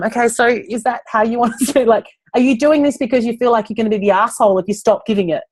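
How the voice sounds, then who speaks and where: A woman's voice: fairly high pitch, fast, few pauses. A woman coaching a small group, frank and chatty, laughing often. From Australia. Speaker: business coach. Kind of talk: casual group coaching call.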